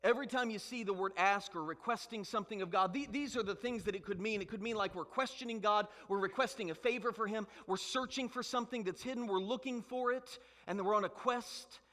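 Pastor, high bright voice, pressing rhetorical questions, long hall echo. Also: male voice, a little fast, hardly any pauses. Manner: emphatic preaching with rhetorical questions. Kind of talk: sermon.

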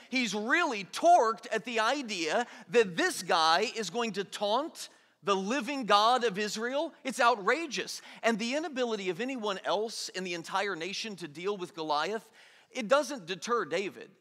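Male pastor, bright and forceful, lively sermon delivery that acts out the characters. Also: very high voice. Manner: animated, acts out quotes in everyday voices. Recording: long hall reverb.

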